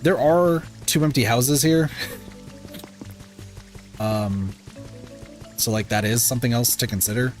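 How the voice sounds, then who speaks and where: A man's voice: medium pitch, unhurried, pauses often, faint music behind. Rambling, casual male game streamer. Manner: rambling, lots of filler words and self-corrections. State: sleepy, yawning. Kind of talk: casual gameplay stream commentary.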